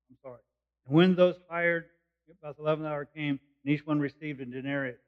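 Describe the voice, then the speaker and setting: A man's voice: a little high, steady tone, fairly quick. A man preaching a sermon, explaining a passage verse by verse in plain, conversational words. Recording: dull lo-fi recording.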